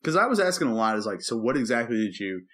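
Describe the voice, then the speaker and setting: A man's voice: mid-range voice, fast talker. A man co-hosting a podcast, a preacher telling a story in casual chat and acting out the quotes as he goes. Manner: animated storyteller who acts out quotes and sings movie lines.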